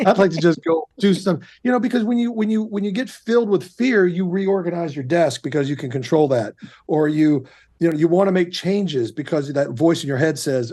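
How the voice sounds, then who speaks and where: A man in his fifties, a guest on a podcast, telling candid stories and breaking into loud self-coaching outbursts. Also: on the high side, brisk. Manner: animated, shifts into loud self-coaching shouts. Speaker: guest, actor and comedian. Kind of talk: candid conversational storytelling. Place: podcast studio.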